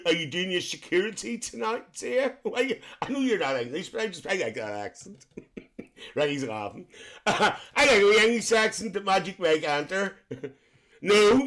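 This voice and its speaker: A man's voice: high-pitched, big pitch swings, moderate pace, a bit bright, full character voice. A man voicing a cheeky, gossipy middle-aged Northern Irish aunty who chats with live-stream viewers and calls them dear. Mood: chatty. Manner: chatty, calls everyone dear, laughs often. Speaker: livestream host.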